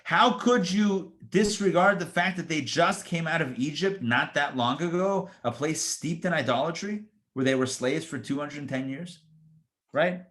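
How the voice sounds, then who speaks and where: A rabbi reading scripture verses aloud and explaining them in casual asides, with lively, emphatic rhetorical questions. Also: male voice, fairly high pitch, unhurried. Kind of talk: Torah study lesson.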